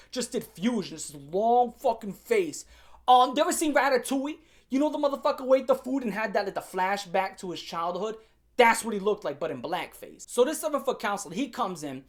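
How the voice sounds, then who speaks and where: A man telling a story from his school days in a casual, profane rant, animated and laughing at times. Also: high-pitched.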